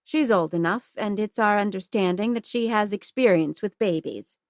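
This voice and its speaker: A woman voicing a stern, flustered young nun who scolds in a shrill voice, read as an audiobook. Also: moderate pace, no room sound, clean studio sound, close to an everyday voice. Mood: scolding. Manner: scolding, shrill when cross.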